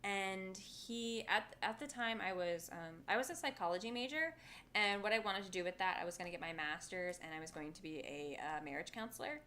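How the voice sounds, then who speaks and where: A woman in her twenties co-hosts a casual podcast and tells a story. Her voice sits at an ordinary middle pitch, and her delivery is animated and loose. She swears freely as she goes. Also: fairly quick, a little hiss or hum. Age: 20s. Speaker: podcast co-host.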